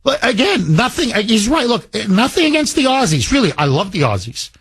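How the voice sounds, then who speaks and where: A man's voice: high voice, very animated, brisk, fairly bright tone, husky, no room sound. A man from Canada hosting a talk radio show, speaking emphatically and repeating key phrases for punch. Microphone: studio microphone.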